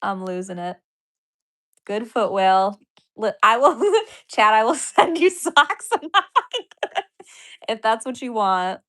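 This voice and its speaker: A woman's voice: medium pitch, a little slow, a bit bright. A woman comedian and podcaster chatting casually on a livestream, giddy and apologetic, gushing thanks to viewers and laughing often. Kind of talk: casual livestream chat reacting to donations.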